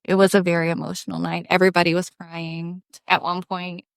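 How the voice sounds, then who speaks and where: Animated woman storyteller, dry close mic. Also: fairly low pitch, a little fast, vocal fry, clear, resonant tone, no room sound. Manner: animated storyteller, lots of "like" fillers. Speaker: podcast co-host. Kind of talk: casual chat, storytelling.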